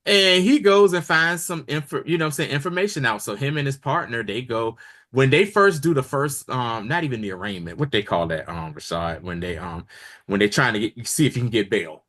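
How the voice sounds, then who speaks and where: A man with a mid-range voice co-hosts a podcast, talking fairly quickly. He recaps a TV episode in relaxed conversation, animatedly acting out the characters' lines during the retelling.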